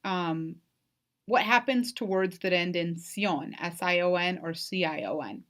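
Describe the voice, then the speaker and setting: Woman teaching, lowish voice. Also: animated, a little slow, a bit bright. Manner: explanatory, frequent "right?" and "um" checks. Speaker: Spanish instructor. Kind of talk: recorded online lecture.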